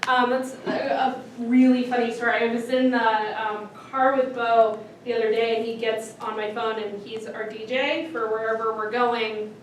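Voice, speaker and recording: A woman with a fairly high voice tells stories to a class, acting out other people's voices as she goes. She sounds a little far from the mic, and the room adds echo and faint background hum. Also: normal speed, hardly any pauses. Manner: animated storytelling that acts out other people's voices. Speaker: speaker on autism and families. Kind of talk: storytelling lecture. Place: lecture room.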